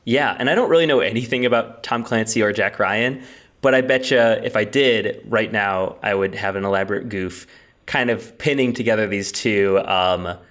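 A man's voice: lowish voice, moderate pace, fairly bright tone. A man co-hosting a podcast, rambling through goofy comedic bits in casual chat. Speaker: podcast co-host.

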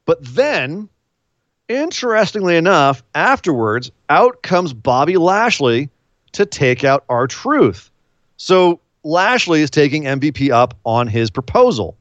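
A man hosting a casual chat about wrestling, animated, with frequent laughs and quick asides. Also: a little high, no room sound. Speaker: podcast host. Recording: dull lo-fi dry sound.

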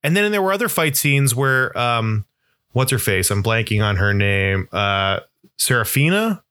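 A man co-hosting a podcast in casual chat, rambling and animated, full of restarts and "like". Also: medium pitch, a little slow, clear, resonant tone, no echo, clean studio sound. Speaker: podcast co-host.

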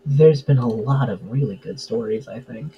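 A man's voice: medium pitch, moderate pace, dull audio, a little hiss or hum. A man chatting casually as a podcast guest, full of fillers and easy laughs. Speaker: podcast guest, tabletop game player. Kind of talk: casual interview chat.

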